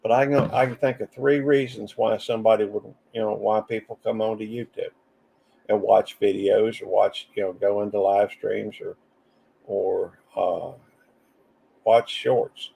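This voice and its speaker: A man with a Southern drawl chats casually to his live stream audience. His voice sits low with a gravelly fry to it. He wanders between thoughts and breaks off to greet viewers from the chat. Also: fairly even intonation, measured pace, mellow. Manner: rambling, drawling, reads chat comments aloud.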